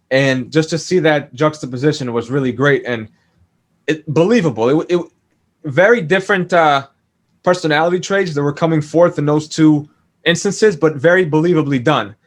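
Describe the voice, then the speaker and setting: Chatty man discussing a TV series. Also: medium pitch. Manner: thoughtful, with many fillers and restarts. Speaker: podcast guest. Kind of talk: casual TV discussion.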